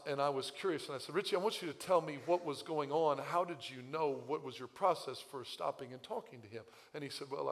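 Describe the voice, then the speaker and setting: Pastor preaching in a reverberant church. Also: male voice, mid-range voice. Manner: storytelling, animated asides and laughs. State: recovering voice, slightly strained. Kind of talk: sermon. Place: church sanctuary. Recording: long church hall reverb.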